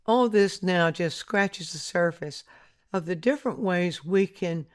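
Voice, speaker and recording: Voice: medium pitch, measured pace. An art instructor giving a patient, explanatory voice-over lesson, often asking the viewer to look closely.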